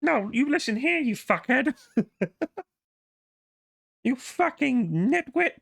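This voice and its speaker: A man doing a shrill scolding intellectual impression. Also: very animated, slow pace, creaky, fairly bright tone, no echo, studio quality, full character voice. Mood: exasperated scolding. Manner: shrill, exasperated insults. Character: impression of a famous male public intellectual, scolding. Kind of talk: comic impression.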